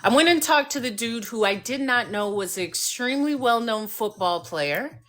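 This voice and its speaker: Animated woman telling a story on a live stream. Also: a little high, normal speed. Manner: animated storyteller who acts out voices. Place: home by a fireplace.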